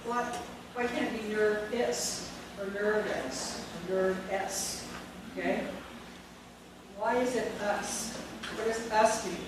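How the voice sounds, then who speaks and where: A woman's voice: mid-range voice, fairly even intonation, slow pace. A woman leading a spelling lesson for teachers, firm and directive, repeating and drilling each word. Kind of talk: classroom teaching demonstration. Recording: echoey room from far off, background noise.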